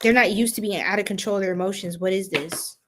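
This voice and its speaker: A young woman doing a casual tarot reading, chatty and animated, often laughing and breaking into loud exclamations. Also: mid-range voice, fast talker, noisy background. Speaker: tarot reader.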